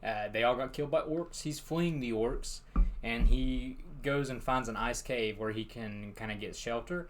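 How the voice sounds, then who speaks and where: A man's voice: mid-range voice, normal speed, a little hiss or hum. A young man co-hosting a podcast, chatting casually about a book and laughing often. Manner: laid-back, laughs often, plenty of fillers. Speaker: podcast co-host.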